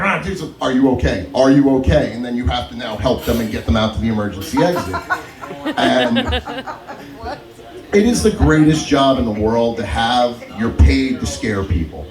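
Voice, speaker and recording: On a comedy club stage, an animated stand-up comedian tells stories at an open mic, laughing through his own material. His voice is medium-pitched and moderately paced, and the roomy club sound, distant mic, and crowd noise are all audible.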